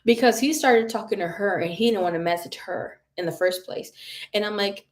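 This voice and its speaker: A woman in her early thirties, a psychic tarot reader hosting a casual livestream, telling stories in an animated, profane way and laughing often. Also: mid-range voice, moderate pace, a little hiss or hum. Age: early 30s.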